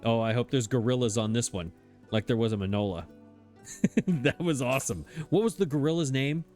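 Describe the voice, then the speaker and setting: A man's voice: medium pitch, lively intonation, normal speed, darkish tone, faint music behind. Chatty man narrating his gameplay. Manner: chatty, self-mocking, laughs often. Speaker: let's play host. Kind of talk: casual gameplay commentary.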